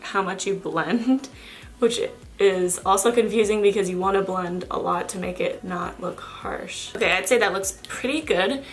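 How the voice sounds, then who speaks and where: Young woman with a cold, raspy. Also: mid-range voice, fairly bright tone. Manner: chatty, self-correcting, apologetic. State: has a cold, raspy and nasal. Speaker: makeup vlogger. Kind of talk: makeup tutorial narration.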